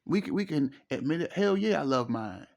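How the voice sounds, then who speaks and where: A man's voice: fairly high pitch, lively intonation, brisk, vocal fry. A middle-aged man, giving preachy, emphatic relationship advice in a casual monologue and repeating his phrases. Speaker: relationship commentator.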